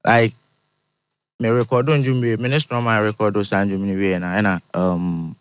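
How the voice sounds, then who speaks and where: A man with a Ghanaian accent, a musician guest, telling his story in halting, pidgin-laced English. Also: lowish voice, fairly even intonation, smooth. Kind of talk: casual interview.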